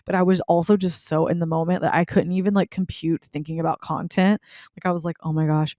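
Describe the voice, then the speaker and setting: A woman's voice: on the low side, quick pace, dry recording. Chatty young woman podcaster, dry close sound. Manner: chatty, animated, filler-heavy with frequent "like". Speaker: podcast host. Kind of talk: casual storytelling.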